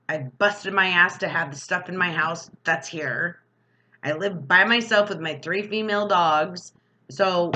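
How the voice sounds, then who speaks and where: A middle-aged woman vlogger in an angry, defiant personal rant, talking fast. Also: fairly low pitch, bright, forceful tone, slight background noise. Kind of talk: emotional personal rant to camera.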